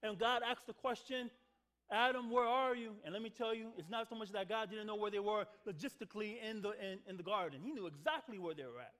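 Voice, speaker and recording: A man's voice: high-pitched, a little fast, fairly bright tone. A man preaching a sermon as pastor of a church, calling out to the congregation for responses and repeating words for emphasis. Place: church sanctuary.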